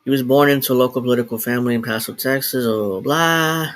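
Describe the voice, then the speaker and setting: A man's voice: medium pitch, little pitch movement, racing. Rambling man talking to a live stream. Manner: rambling, self-interrupting, swears and laughs. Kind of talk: casual solo live stream. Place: home, in New Jersey.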